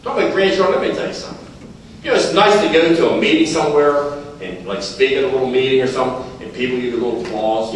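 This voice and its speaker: An older man with a mid-range voice tells folksy stories rapid-fire at a recovery meeting, repeating phrases and chuckling as he goes. He's heard from far off in a very echoey hall, with a little hiss or hum.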